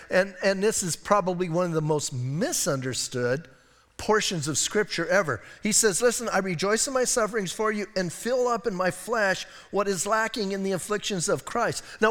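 A high-pitched, slightly bright-sounding American pastor talks through a conversational sermon, tossing out rhetorical questions and side remarks. The church sanctuary gives the recording a long hall reverb.

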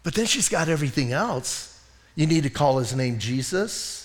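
A man preaching a sermon as pastor, talking in an animated, conversational way and often breaking in with "listen" and "right?". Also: on the high side, moderate pace, long reverb tail. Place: church.

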